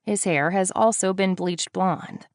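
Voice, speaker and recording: A woman reading a first-person thriller in a low, even voice, slipping in wry, deadpan asides. The recording is close and completely dry, with no room around her. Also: measured pace, no room sound. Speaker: audiobook narrator. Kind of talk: first-person audiobook narration.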